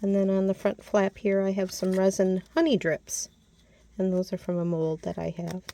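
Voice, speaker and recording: Relaxed, mellow-voiced woman crafter. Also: medium pitch, normal speed. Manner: chatty, loses words and corrects herself. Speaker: crafter showing a handmade mini album. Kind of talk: casual show-and-tell narration.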